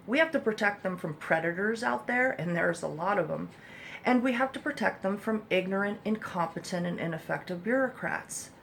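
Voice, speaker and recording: A mother talks straight to the camera from a room at home, her voice carrying a gravelly, fry-edged texture. She rambles bluntly and emphatically, swearing freely as she urges other parents on. Her pitch sits in an ordinary middle range for a woman, with a faint hiss of background noise. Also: fairly bright tone. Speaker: mother of an autistic child. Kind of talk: candid advice monologue to parents.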